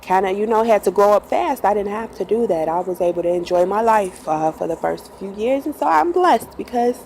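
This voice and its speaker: A woman bus driver talks through a story from her past in a loose, chatty monologue, often breaking into laughs and acting out what people said. Her voice sits at a middle pitch. A faint noise hums behind her. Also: lively intonation, fairly quick, warm tone, low-quality recording. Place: in a bus at night.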